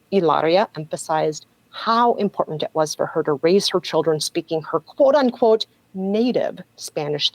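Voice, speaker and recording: A woman's voice: mid-range voice, dry recording, low-quality recording. A woman guest on a podcast, telling a story in a sardonic, casual way and laughing often.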